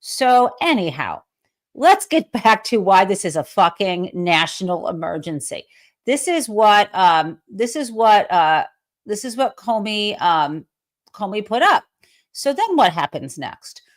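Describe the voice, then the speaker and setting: A woman's voice: medium pitch, big pitch swings, measured pace. A woman hosting a live commentary show, talking casually and snarkily and swearing freely. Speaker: host.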